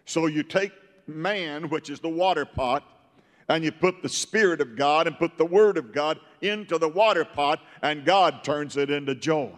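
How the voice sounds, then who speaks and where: Fervent older preacher in an echoing hall. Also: male voice, a little high, normal speed. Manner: fervent, bursts into shouts. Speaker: pastor. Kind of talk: Pentecostal sermon.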